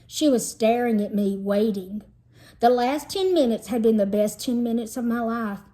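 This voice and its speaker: A woman, a teacher, reading a children's novel aloud in a lively storytelling manner. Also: on the high side, moderate pace. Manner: lively storytelling, shifts into character voices. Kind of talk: expressive read-aloud narration.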